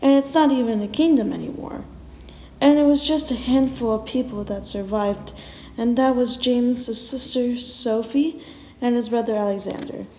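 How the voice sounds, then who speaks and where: A woman's voice: on the high side, moderate pace, dark tone, a little hiss or hum. A woman telling a long story to viewers in a chatty way, often restarting her words, in an echoey room. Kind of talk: casual story narration.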